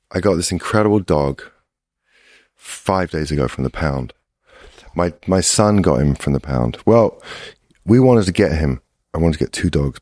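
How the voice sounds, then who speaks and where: A man's voice: sits low, a little mellow, dry recording, clean studio sound. A middle-aged man who is a guest on a podcast, telling a rambling, casual story full of restarts. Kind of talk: casual chat.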